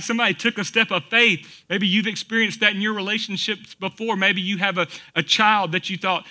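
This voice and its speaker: Pastor preaching, really bright ringing voice, chatty and folksy. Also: male voice, high-pitched, a little fast, few pauses. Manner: conversational, folksy, rhetorical questions. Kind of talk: sermon.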